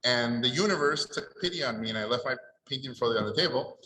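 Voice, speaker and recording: Middle-aged guy from mexico telling stories at a panel, bright voice, echoey room, bit of noise. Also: medium pitch, fast talker. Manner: animated, acts out the people in his stories. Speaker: panelist at an art event. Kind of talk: storytelling at a panel Q&A.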